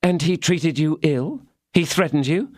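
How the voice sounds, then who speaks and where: A man voicing a fierce, scornful young woman in an audiobook, speaking in an indignant, cutting way with a raised pitch. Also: a little slow, a little mellow, no room sound, studio quality. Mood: questioning.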